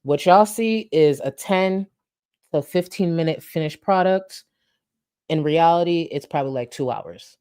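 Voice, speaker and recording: A woman's voice: sits low, a little slow, a little mellow, smooth, no room sound, studio quality. Tired, grateful woman host signing off. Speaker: commentary channel host. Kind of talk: casual sign-off talk to viewers.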